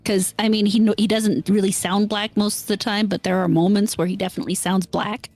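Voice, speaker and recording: A woman's voice: mid-range voice, steady tone, a little fast, a little mellow, no room sound, soft background music. A woman co-hosting a podcast, ranting bluntly and sarcastically in casual chat. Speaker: podcast co-host.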